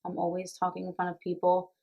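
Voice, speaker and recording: A woman's voice: fairly low pitch, completely flat delivery, fast, gravelly, warm tone. Earnest woman vlogger talking to camera. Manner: earnest, reflective, nervous and emotional. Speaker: makeup artist and beauty vlogger. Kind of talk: casual talk to camera.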